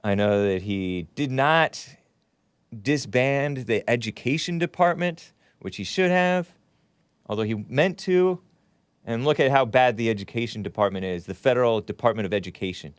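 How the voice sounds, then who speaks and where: A man's voice: mid-range voice, moderate pace, clear, resonant tone, no room sound. A man hosting a solo commentary show, rambling and opinionated as he reads out articles and viewer comments. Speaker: host.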